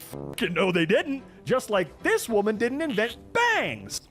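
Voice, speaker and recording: A man doing casual reaction commentary, animated and sarcastic, with plenty of swearing and asides. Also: high-pitched, a little slow, faint music behind. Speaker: reaction streamer.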